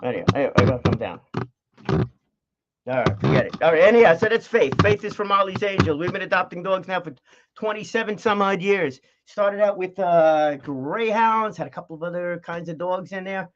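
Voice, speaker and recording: A middle-aged man vlogs casually from home, rambling briskly in a high voice with lively intonation, laughing and using many fillers. There's a dog nearby, background noise, and dull lo-fi recording quality.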